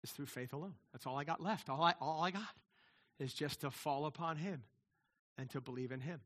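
A middle-aged pastor with a fairly high, slightly bright voice preaches quickly in a conversational style. He repeats words, restarts often, and keeps asking "right?"

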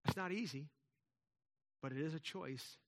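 A man's voice: fairly high pitch, normal speed. A man preaching a sermon in a conversational way, with emphatic swells and frequent restarts. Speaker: pastor.

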